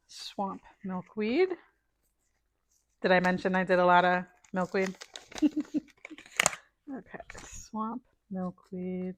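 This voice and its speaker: A middle-aged woman chatting casually while planting seeds, thinking aloud and dropping to murmurs as she sorts packets. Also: fairly low pitch. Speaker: gardening vlogger. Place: home, indoors.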